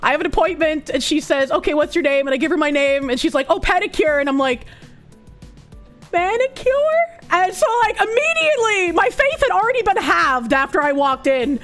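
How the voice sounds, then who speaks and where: A young woman streamer telling a story in casual chat, animated and profane, laughing often and acting out what others said. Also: sits high, a little fast, few pauses, soft background music.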